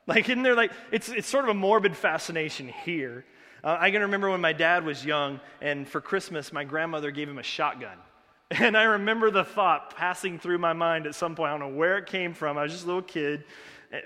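A man preaching a sermon as pastor, swinging between loud urgency and hushed, intense passages. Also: on the high side. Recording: long hall reverb.

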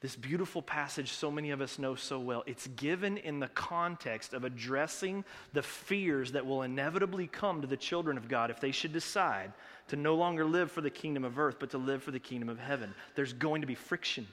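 A man preaching a sermon as pastor, swinging between loud urgency and hushed, intense passages. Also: mid-range voice, brisk. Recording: long hall reverb.

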